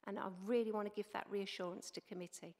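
A woman council officer giving measured, reassuring explanations at a committee meeting. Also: medium pitch, steady tone, darkish tone, in a large hall. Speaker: council children's services officer.

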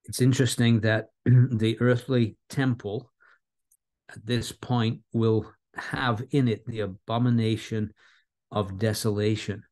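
A man with a fairly low voice delivers an earnest verse-by-verse sermon. He leans on key words and repeats them. He slows right down whenever he wants a point to land. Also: little pitch movement, darkish tone. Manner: earnest, repeats key words, varies his pace for emphasis. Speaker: preacher. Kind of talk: expository Bible sermon.

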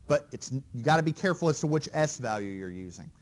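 Male university lecturer with a somewhat high voice, relaxed and chatty, keeps checking the class follows along. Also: a little fast, few pauses. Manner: conversational, quizzes students with frequent "right?" and "okay?". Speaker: engineering lecturer. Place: lecture hall.

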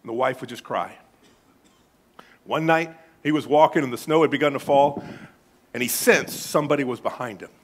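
A man's voice: mid-range voice, normal speed, pauses often. A man, preaching a sermon to a congregation. He asks them questions and jokes with them as he goes. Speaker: pastor. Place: church sanctuary.

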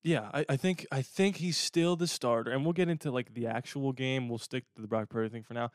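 This is a young man hosting a sports podcast in a loose, jokey way. His voice is smooth and resonant. The recording is dry and close, with no room sound. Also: mid-range voice, fairly quick, no echo. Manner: jokey, breaks into a mock radio voice. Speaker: podcast host. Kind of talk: casual sports podcast chat.

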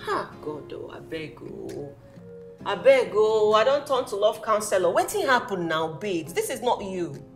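An actress with a Nigerian accent playing a lively young woman who teases her nervous friend in a film drama, slipping into Pidgin. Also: medium pitch, measured pace, faint music behind. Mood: teasing. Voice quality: teasing, lively, mixing Pidgin into English.

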